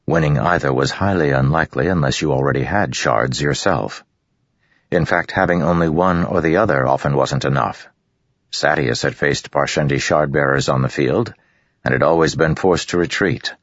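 A man reading a fantasy audiobook in a steady, even storytelling manner, on a dull recording. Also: very deep voice, moderate pace, vocal fry, no room sound. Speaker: audiobook narrator. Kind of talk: scripted fantasy narration.

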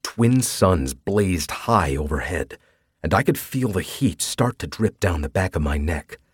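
A man narrates a first-person audiobook in a wry, casually profane manner. His low, husky voice swings widely in pitch. The recording is dry and close, with no room sound. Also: lively intonation, measured pace, no echo.

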